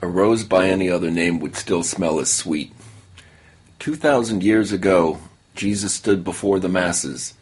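Very deep husky man reading solemnly. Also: unhurried. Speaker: story contributor. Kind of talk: reading a short story.

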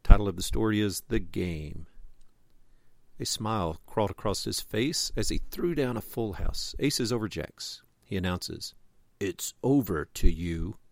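A man's voice: sits low, unhurried, gravelly, no echo. A man reading his own short story aloud in an easygoing, friendly manner. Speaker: story contributor.

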